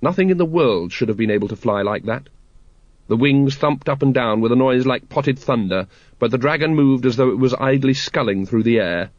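A man's voice: medium pitch, moderate pace, dry recording, muffled recording. A man reading a fantasy novel aloud with dry, wry storytelling. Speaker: audiobook narrator. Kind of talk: scripted narration.

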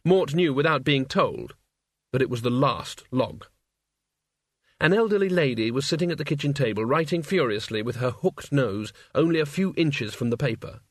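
A man reads an audiobook in a measured, wry storyteller's voice. His pitch sits in an ordinary middle range. The recording is dry and close, with no room sound. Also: lively intonation, no room sound. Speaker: narrator. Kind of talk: audiobook narration.

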